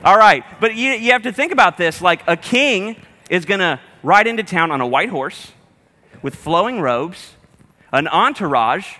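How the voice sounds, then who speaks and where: A man preaches to his congregation in a loose, humorous, chatty way. His voice sits a little high and sounds bright and forceful. The sound carries the long reverb of a church hall. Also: expressive, moderate pace. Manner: humorous, conversational, speaks directly to the congregation. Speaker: pastor. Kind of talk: sermon.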